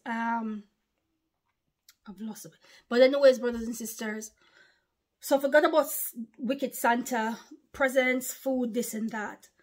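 A woman's voice: on the high side, darkish tone. A woman, preaching an informal online sermon in an impassioned, repetitive, emphatic way. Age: 40s.

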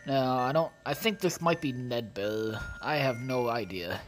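Over soft background music, a gaming video creator delivers casual let's-play commentary in an unhurried, mid-range voice. He talks to his viewers in a profane, exasperated, rambling way.

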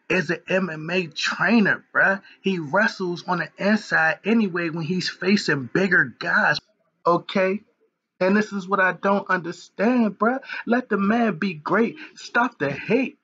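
Excited man vlogger, husky, bright forceful voice, slightly high, dull lo-fi recording. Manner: excited, animated, slangy. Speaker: sports commentary vlogger. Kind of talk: excited casual commentary.

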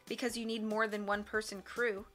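A calm, clever teenage girl inventor, read by a woman narrator, steady and quietly sly. The tone is bright and crisp, with faint music behind. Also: mid-range voice, moderate pace, lightly acted.

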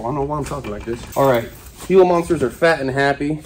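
A man's voice: medium pitch, lively intonation, fast talker, darkish tone, slight background noise. A young man hosting a casual vlog about caring for his snakes and lizards, chatty and enthusiastic, recorded on a phone propped up nearby. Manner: chatty, enthusiastic, coos at the animals. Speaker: reptile keeper and show host. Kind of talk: casual animal-care vlog. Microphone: phone propped up on a can.

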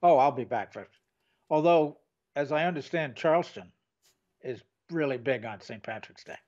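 A man's voice: mid-range voice, expressive, moderate pace, a little mellow, muffled recording. An older man co-hosting a casual chat, rambling and trailing off mid-sentence. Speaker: co-host.

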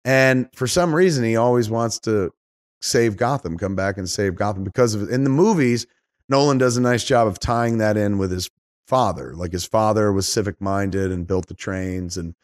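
A middle-aged man hosting a podcast, talking in a rambling, animated way and swearing often. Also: fairly low pitch, normal speed, dry recording, studio quality. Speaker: podcast host. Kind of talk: casual chat.

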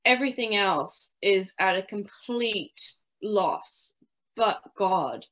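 A woman with a British accent speaks as a guest in an interview, telling her faith story in an earnest, steady voice. Her pitch sits in a middle range, and she often slips into quoting her own past words. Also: slow pace. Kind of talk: personal faith testimony in an interview.

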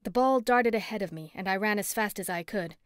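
Expressive woman audiobook narrator, dry sound. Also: medium pitch, fairly quick, clean tone, no echo. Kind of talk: first-person scripted narration.

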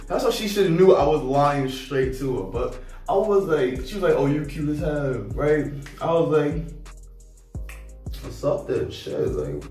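A young man telling a casual storytime, slangy and animated, acting out both sides of the conversation. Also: a little high. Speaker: vlogger. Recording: echoey room heard from a distance, faint music.

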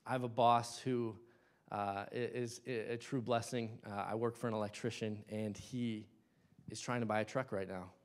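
A young man preaching a sermon in a church, impassioned, swinging between loud bursts and hushed asides. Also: fairly low pitch, steady tone, moderate pace. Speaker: lay preacher.

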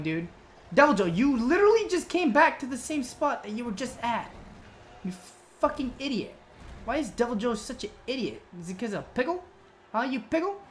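A woman commenting on her own gameplay, scolding the monster like an unruly child, swearing and yelling when things go wrong. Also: a little high, slight background noise. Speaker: gamer.

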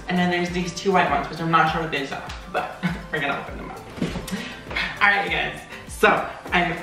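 A hyper vlogger unboxing a gift package, gasping and giggling between excited exclamations. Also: male voice, fairly high pitch, fairly quick. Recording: roomy, distant from the mic, with music.

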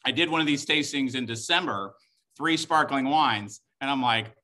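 Hosting a wine tasting class streamed live, a middle-aged instructor chats and jokes his way through each wine for viewers. His voice is medium in pitch, bright and pushed, at a normal speed.

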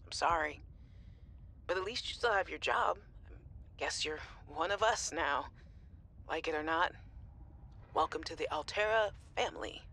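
A woman voicing a young scientist in a video game who records worried messages to her sister, halting and often sinking to a near whisper. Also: sits low, pushed and bright, full character voice. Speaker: game character.

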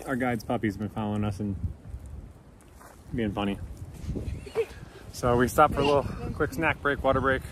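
Winded dad vlogging on a volcano hike. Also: male voice, medium pitch, fairly even intonation, normal speed, pauses often. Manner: chatty, breathless, talks to camera between steps. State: winded from climbing. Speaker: vlogger, father of the family. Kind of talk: casual hiking vlog narration. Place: outdoors on a volcano trail. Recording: outdoor camera audio with loud background noise.

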